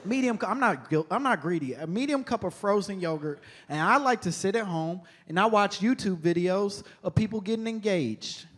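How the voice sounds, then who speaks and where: A man performing a stand-up comedy set on stage, telling stories in an animated, conversational way. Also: high voice, moderate pace, few pauses, slight background noise.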